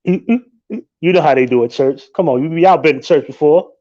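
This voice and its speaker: A man hosts a live stream and riffs in a loose, animated and profane way, laughing often. His voice sits a little high for a man. The audio is dull and lo-fi. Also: fast talker. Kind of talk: casual live-stream commentary.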